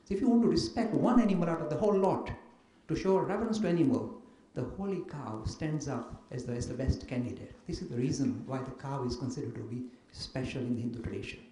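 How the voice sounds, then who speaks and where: A man answering audience questions in a lively lecture, acting out people in his anecdotes. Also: medium pitch, quick pace, few pauses. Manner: animated storyteller, mimics others in dialogue. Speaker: invited speaker answering questions. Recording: echoey room with faint noise.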